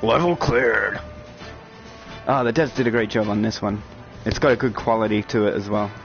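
A man giving excited live-stream commentary on a VR shooter, chatting with viewers and breaking into loud outbursts. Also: fairly low pitch, normal speed. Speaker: VR game streamer. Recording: dull lo-fi stream audio with game music and gunfire. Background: game music and gunfire.

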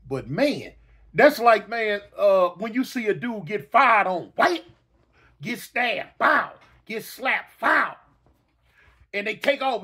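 A middle-aged man telling a story casually, animated and repetitive, with sound effects and hiccups. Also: high-pitched, slightly rough.

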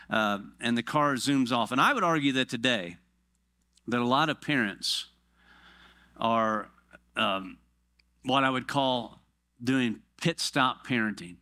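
A middle-aged man delivers a church sermon with a bright, ringing tone. The sound is dry and close to the mic. He keeps things playful, breaking into funny back-and-forth exchanges as he preaches. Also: mid-range voice, dry recording. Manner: joking, animated storytelling with quick voiced asides. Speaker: pastor.

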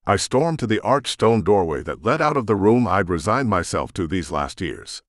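Male audiobook narrator, deep and expressive, dark brooding read, dry close mic. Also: no echo. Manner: dramatic, brooding. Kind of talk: first-person audiobook narration.

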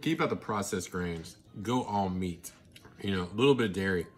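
A man talking casually to his viewers while he eats, chatty and excitable, with mouthfuls and happy murmurs between his sentences. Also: low voice, moderate pace, slight background noise. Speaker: vlogger. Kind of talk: casual eating vlog.

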